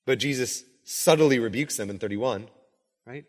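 A man's voice: medium pitch, normal speed. A man preaching a conversational sermon, full of casual asides and rhetorical questions. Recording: long hall reverb.

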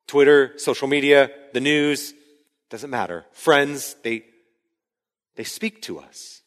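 A man in his thirties preaching a sermon as pastor, conversational and rising to shouts when he acts out a scene. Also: mid-range voice, takes it slowly. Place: church sanctuary. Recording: hall reverb from a large room.

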